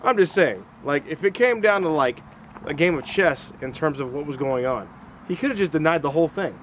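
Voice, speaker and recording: A man from Alaska talks casually with a friend outdoors and acts out what others said in playful voices. His voice sits a bit high. Traffic and street noise run clearly behind him. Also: fairly quick, low-quality recording. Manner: animated, acts out quotes in funny voices. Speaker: co-host.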